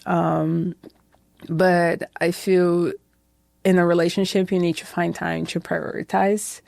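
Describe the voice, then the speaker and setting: Gravelly Brazilian woman telling stories. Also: lowish voice, slow, no room sound. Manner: lively storytelling, acts out quoted voices, many "like" and "I feel that" fillers. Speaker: podcast guest, head bartender. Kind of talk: casual interview chat.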